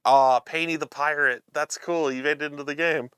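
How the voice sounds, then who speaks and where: A man's voice: a little high, fairly even intonation, moderate pace, fairly bright tone, clean tone, dry recording, studio quality. A man hosting a live show, chatting casually as he unboxes a card game and reads the cards aloud, amused and chuckling often.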